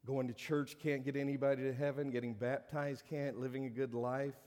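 A man pastor delivering a sermon, rising to emphatic peaks and dropping to hushed lines. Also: medium pitch, flat delivery, fairly quick. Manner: preaching with swelling emphasis and hushed drops. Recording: long reverb of a large hall.

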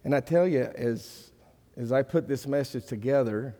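In an echoing church sanctuary, a male pastor preaches a sermon at normal speed with a warm, mid-range voice. His earnest, conversational delivery builds with rising emphasis amid the hall's long reverb.

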